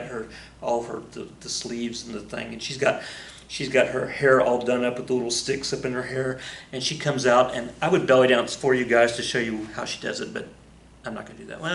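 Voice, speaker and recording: Playful teacher telling a story. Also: male voice, mid-range voice, a bit bright. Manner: loose and playful, with fillers and asides. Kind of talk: casual storytelling to students. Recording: roomy echo.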